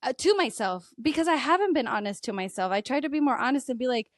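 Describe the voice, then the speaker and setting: Expressive and quick, a woman in her thirties talks candidly as a podcast guest, emotional and open, with plenty of laughter. She renders her own thoughts in a higher voice, and the clean studio sound has no room tone.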